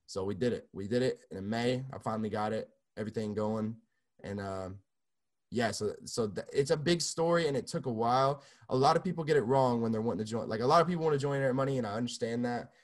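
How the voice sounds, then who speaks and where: A young man tells his career story in a loose, casual way. He swears freely and circles back on his words, and his voice sits in the middle of the male range. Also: medium pitch. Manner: loose and profane, many restarts. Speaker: music producer guest.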